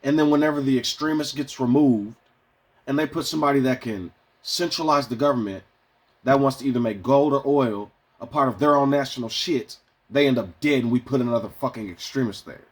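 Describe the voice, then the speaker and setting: A man venting casually to his viewers in a profane, rambling way, swinging between heated outbursts and quieter musings. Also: medium pitch, a little fast. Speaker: vlogger. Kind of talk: casual rant to camera.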